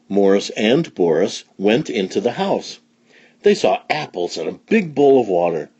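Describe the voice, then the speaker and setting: Slow, husky-voiced man reading a kids' story. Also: lowish voice. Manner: slow, expressive read-aloud delivery. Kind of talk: children's read-along narration. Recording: dull lo-fi recording.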